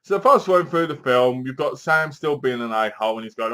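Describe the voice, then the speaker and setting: Bloke reviewing a film, chatty and animated, acts out the lines. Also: male voice, mid-range voice, a little fast. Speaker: movie reviewer. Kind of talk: casual movie review.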